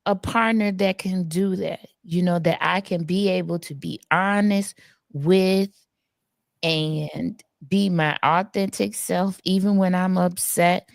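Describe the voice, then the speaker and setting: A woman's voice: lowish voice, steady tone, takes it slowly, vocal fry, no room sound, studio quality. A woman co-hosting a casual livestream chat, telling candid personal stories and laughing often. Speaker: co-host and producer.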